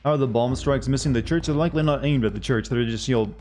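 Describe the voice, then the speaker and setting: A man streaming a game live, moving between reading on-screen text aloud and chatting loosely with his viewers. His voice sits at an ordinary middle pitch. A faint hum of background noise sits under it. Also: quick pace, a little mellow. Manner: casual chat with viewers. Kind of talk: live-streamed gameplay commentary.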